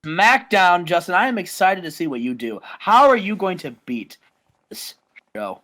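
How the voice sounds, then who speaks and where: Excited man co-hosting a wrestling podcast. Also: high voice, normal speed. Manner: excited, hyping storytelling. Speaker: podcast co-host. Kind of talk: casual chat.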